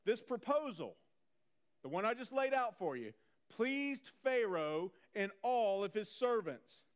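High-voiced man preaching conversationally. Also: a little slow. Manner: conversational preaching, animated, repeats phrases. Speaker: pastor. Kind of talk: sermon.

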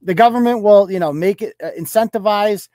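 A man's voice: sits high, fairly quick, warm tone, no echo. A man hosting a podcast, delivering a profane, sarcastic, heated rant of political commentary. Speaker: podcast host.

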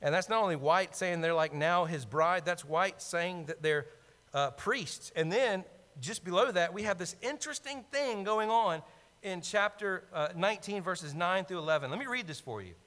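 A man preaching a sermon, animated and conversational, with asides to the congregation. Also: high-pitched, normal speed. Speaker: pastor. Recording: long hall reverb.

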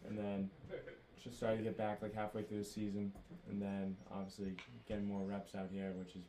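A man's voice: lowish voice, monotone, brisk, warm tone, slight background noise, low-quality recording. A young man with a Boston accent, a college baseball player, answering interview questions in a laid-back, rambling way. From Massachusetts. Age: young adult.

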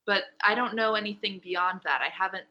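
A woman chatting excitedly in a casual book club conversation, rambling with lots of fillers. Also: medium pitch, fairly quick, highs cut off. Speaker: book club podcast member. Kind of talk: casual chat.

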